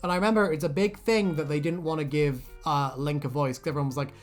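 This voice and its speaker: A woman co-hosting a casual chat, animated and laughing often, breaking into silly voices. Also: deep voice, quick pace, soft background music. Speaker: co-host.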